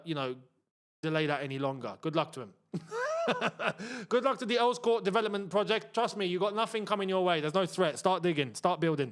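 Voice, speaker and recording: High-voiced young man hosting a watchalong. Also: a bit bright. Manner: casual and slangy, reading out viewer messages. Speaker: host. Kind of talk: live football watchalong chat.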